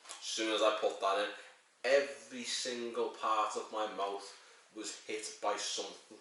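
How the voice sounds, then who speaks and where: A man's voice: fairly low pitch, flat delivery, measured pace, bright, forceful tone, slight background noise. A man reviewing a beer in a rambling, crude and jokey way, swearing as he goes. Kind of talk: casual sweary review monologue. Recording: very echoey room, mic at a distance.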